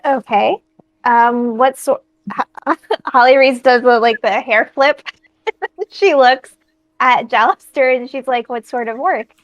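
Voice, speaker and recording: Playful high-voiced woman player. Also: slow pace, no echo, muffled recording. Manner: playful, laughing. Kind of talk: casual tabletop role-play.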